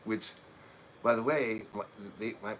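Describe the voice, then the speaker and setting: A man's voice: fairly low pitch, steady tone, measured pace, fairly bright tone, slight background noise. A middle-aged man from Oregon, hosting a livestream and telling personal family stories in a casual, rambling way, chuckling through heavy topics. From Oregon, USA. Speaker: livestream host.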